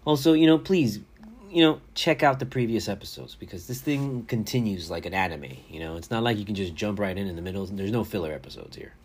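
Male solo podcaster, lowish husky voice, casual rambling delivery with profanity. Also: lively intonation, a little fast, darkish tone. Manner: rambling, joking, swearing, spells things out. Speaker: podcast host.

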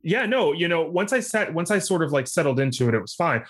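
A man co-hosting a podcast, talking casually and rambling with lots of fillers and restarts, pitch jumping up when he makes a point. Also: very animated, quick pace, a bit bright, slight background noise. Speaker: podcast co-host. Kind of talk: casual chat.

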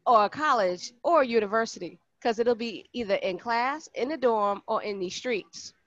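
A woman co-hosting a podcast in relaxed casual chat, explaining and backing up her co-host. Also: a little high, normal speed, dry recording, highs cut off.

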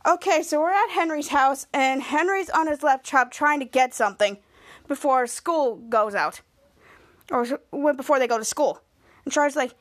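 Lady podcast host, high voice, rambly casual recap. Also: normal speed. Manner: rambling, chains lines with "and he's like".

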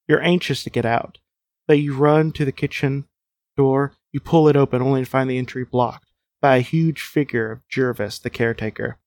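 A man's voice: mid-range voice, steady tone, moderate pace, dry recording. A man hosting a podcast, reading out a choose-your-own-adventure story and chatting casually with laughs between passages. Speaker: host and gamebook reader.

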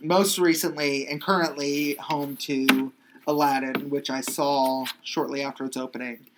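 A woman's voice: a bass voice, fairly even intonation, unhurried, background noise. A woman co-hosting a casual chat podcast, chatty and swearing freely, reading from her notes. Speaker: podcast co-host.

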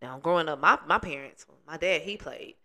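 A woman's voice: deep voice, normal speed, bright, forceful tone. A woman co-hosting a casual chat, speaking earnestly and emphatically as she gives advice. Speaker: podcast co-host.

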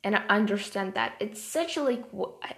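A woman talks to her viewers in a loose, rambling vlog, with "like" filling every gap. Her voice has a gravelly, fry-heavy edge. Her pitch sits right in the middle for a woman. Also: animated, moderate pace. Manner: rambling, heavy use of "like" fillers; passionate, then softer and quieter. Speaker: vlogger. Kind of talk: casual talk to camera.

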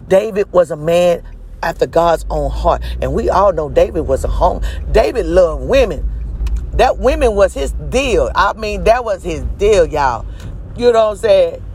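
A man's voice: high voice, expressive, unhurried, a little mellow, slight background noise, poor audio. A man in his twenties telling a personal story in a casual vlog, emphatic, preachy and full of profanity. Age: 20s. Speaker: vlogger. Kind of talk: casual testimony monologue.

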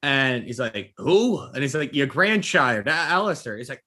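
A man co-hosting a podcast, joking through a movie recap and acting out characters in quick voices. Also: mid-range voice. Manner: animated, jokey, acts out characters in quick voices. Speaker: podcast co-host. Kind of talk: casual chat recapping a movie.

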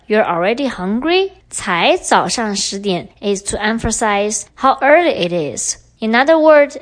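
A young woman hosting a podcast lesson, explaining clearly and switching between English and Mandarin. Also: on the high side, sing-song, unhurried, few pauses. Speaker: podcast host and Chinese teacher.

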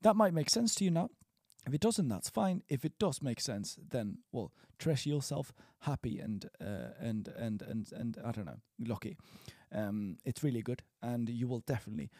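A man leads a relaxed spoken language lesson, warm-toned and mellow. His pitch swings widely as he encourages the learner. He rambles into fillers and restarts, recorded close and dry with no room sound. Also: moderate pace, dry recording. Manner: encouraging, chatty, trails off with fillers. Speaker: language teacher.

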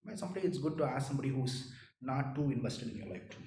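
A man preaching a sermon, swinging from loud impassioned rises to hushed near-whispers, often asking "right?" and calling listeners "my friend". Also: mid-range voice, animated, fast, roomy sound, recorded from a distance, slight background noise, rough recording. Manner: peppers points with "right?" and "my friend".

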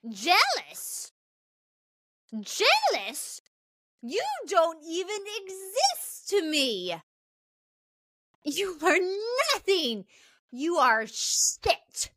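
A woman's voice: a little high, unhurried, hardly any pauses, pushed and bright, slight background noise. A woman putting on a scornful teen witch.

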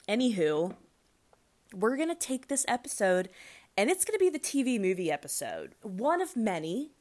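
A woman in her thirties hosts a solo podcast in a medium-pitched voice at normal speed. She rambles casually, with lots of fillers and self-corrections, breaking into sudden loud, excited bursts.

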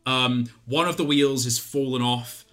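A man's voice: mid-range voice, unhurried, fairly bright tone. Man hesitantly narrating a tabletop game. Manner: hesitant, filler-heavy. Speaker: game master. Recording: faint music behind.

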